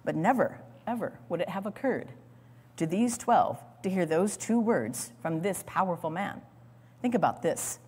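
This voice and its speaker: A woman teaching a sermon on scripture, dramatic and expressive, acting out the lines she quotes and calling for the next slide. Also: mid-range voice, slightly rough. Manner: speaks to an audience, calls for slides. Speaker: Bible teacher. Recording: long hall reverb.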